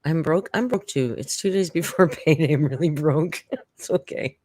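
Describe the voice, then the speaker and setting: A woman's voice: deep voice, moderate pace, a little mellow, no room sound. Middle-aged woman hosting a live stream, rambling and emotional, dry close sound. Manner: rambling, emotional, laughing often. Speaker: streamer host. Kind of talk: casual live-stream chat.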